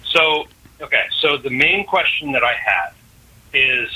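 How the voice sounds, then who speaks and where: A young man phoning in to a radio show, rambling and joking a bit. His voice comes across very bright and husky. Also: medium pitch, animated, a little slow, rough recording. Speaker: caller. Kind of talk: phone-in question.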